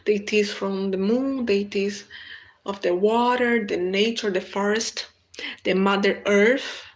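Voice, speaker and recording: A Brazilian woman whose first language is Portuguese, hosting a casual live stream in halting English, reading viewer comments aloud and answering them. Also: medium pitch, steady tone. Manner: unhurried, halting non-native English with frequent restarts.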